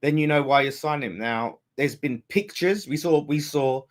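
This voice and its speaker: A man hosting a football fan live stream, rambling and chatty, blunt and quick to swear. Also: a little high. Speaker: fan channel host. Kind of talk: casual live-stream chat.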